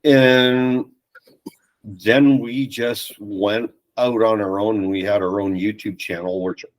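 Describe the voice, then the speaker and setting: A man's voice: on the low side, slow, rough recording. A man, a podcast guest telling stories in casual chat and acting out other people's lines. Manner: animated anecdotes with quoted voices.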